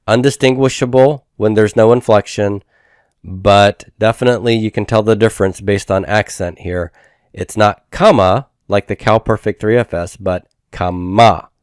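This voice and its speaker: A man teaching grammar in a recorded lecture, methodical, repeating each form slowly and checking in with "okay?". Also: on the low side, a little mellow, clear, resonant tone, no echo, clean studio sound.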